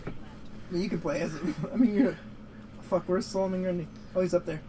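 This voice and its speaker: Rambling, profane young man, high voice. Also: fairly even intonation, a little fast, mellow, a little hiss or hum, low-quality recording. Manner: rambling, profane, laughs often. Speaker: podcast co-host. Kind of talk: casual gaming chat.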